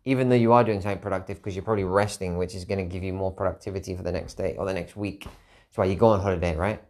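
A man's voice: low-pitched, steady tone, very fast, a little mellow. A tired man hosting a podcast alone, talking candidly and reflectively in a rambling way, repeating phrases for emphasis. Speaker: podcast host. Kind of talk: reflective solo monologue.

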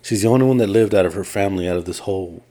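Here a podcast co-host races through a long story, his low voice warm in tone. It's casual chat, and he imitates what others said without changing his own voice.

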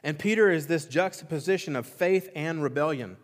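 Male pastor, higher-pitched voice, fervent repetitive preaching, long church-hall reverb. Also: fairly quick. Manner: impassioned preaching with emphatic repetition; swings between loud exclamation and quiet intensity. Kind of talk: sermon. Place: church sanctuary.

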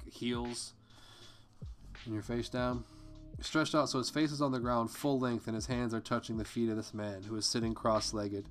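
Man reading aloud with chatty asides. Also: medium pitch. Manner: conversational, breaks off to comment and curse. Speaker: podcast host reading a memoir aloud. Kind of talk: casual read-aloud with personal asides.

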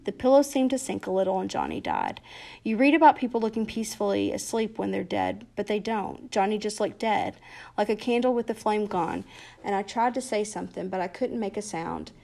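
A woman reads a novel aloud at a middle pitch. Her narration is plain and steady, chapter by chapter. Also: brisk, creaky. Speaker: reader.

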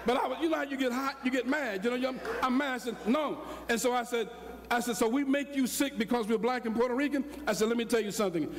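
An older man preaching a sermon, telling a story with acted-out dialogue and rising to shouts. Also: extremely high pitch, fast. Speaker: pastor. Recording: long hall reverb.

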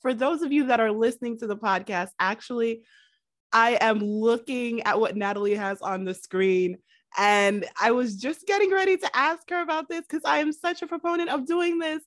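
A woman's voice: fairly high pitch, moderate pace, no echo, clean studio sound. A woman hosting a podcast who sounds enthusiastic and affirming, speaking over a video call. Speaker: podcast host.

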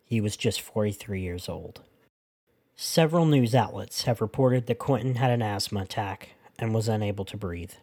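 A man hosting a podcast, reading his narration in a sincere, measured way. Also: fairly low pitch, warm tone, slightly rough. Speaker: podcast host.

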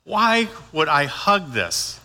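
A man's voice: a little high, sing-song, takes it slowly, heavy background noise. An older man preaching a sermon in a folksy, conversational way, acting out his own lines as he goes. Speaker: pastor. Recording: long hall reverb.

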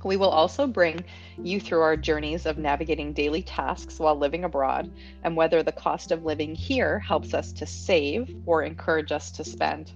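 A woman's voice: low voice, moderate pace, highs cut off, soft background music. Canadian woman hosting a podcast. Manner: lively, outspoken, laughs easily. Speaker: podcast host. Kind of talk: casual podcast chat.

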